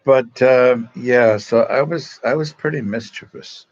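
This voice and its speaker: A man's voice: mid-range voice, unhurried, no echo, dull audio. A man from East Los Angeles, a Salesian religious brother, telling self-mocking stories and greeting viewers on a livestream from a phone propped at an angle. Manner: chatty, self-mocking, reads out viewer comments. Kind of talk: casual storytelling to online viewers.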